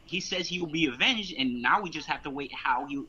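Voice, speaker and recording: Halting young man, bright and lo-fi. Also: on the high side, expressive, breathy edge. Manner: halting, restarts phrases. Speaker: podcast co-host. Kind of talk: casual chat. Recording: dull lo-fi audio.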